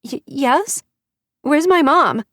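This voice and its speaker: A woman's voice: high voice, animated, slow, fairly bright tone, no echo, studio quality, voice pushed up, heavily acted. A woman voicing a frightened young girl held captive, who speaks in a trembling, pleading way.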